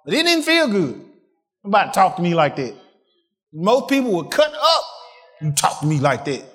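A man preaching a sermon, asking the congregation questions and swinging from excited peaks to quiet asides. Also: normal speed. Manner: call-and-response preaching, rising to excited peaks then dropping low.

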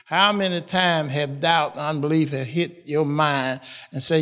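A man's voice: a little high, steady tone, measured pace, sharp tone, clean tone. A man preaching a sermon, repeating phrases and laughing as he drives points home. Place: church. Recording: long reverb of a church hall.

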